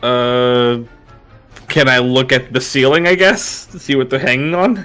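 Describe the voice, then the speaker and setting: A man's voice: mid-range voice, fairly even intonation, measured pace, pushed and bright, clear, resonant tone, soft background music. A young man playing in a tabletop game, talking hesitantly and laughing at himself. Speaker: player. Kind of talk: casual tabletop game chat.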